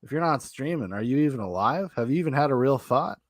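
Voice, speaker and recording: A man's voice: medium pitch, lively intonation, fast talker, no echo, clean studio sound. An American man hosting a podcast, joking and rambling in casual chat. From United States. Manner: jokey, rambling, laughs often.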